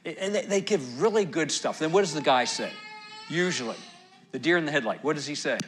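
A middle-aged male pastor preaching a sermon, swinging between loud emphatic lines and soft, near-whispered ones. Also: fairly high pitch, expressive, brisk.

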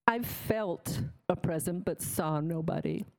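A woman's voice: on the low side, unhurried, creaky, darkish tone, rough recording. A woman giving a candid, plainspoken personal faith testimony to an audience, emotional at times. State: tearful. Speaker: testimony speaker.

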